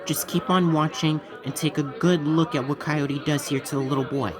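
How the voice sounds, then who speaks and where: A man's voice: on the high side, steady tone, moderate pace, a crowd in the background. A man hosting his own channel, talking in an earnest vlog style that is repetitive and full of stumbling restarts. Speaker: host of a fan-made theme park channel.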